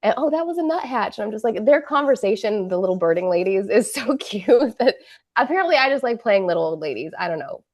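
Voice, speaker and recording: A woman's voice: mid-range voice, animated, quick pace. A woman working as an audiobook narrator, chatting casually in an interview.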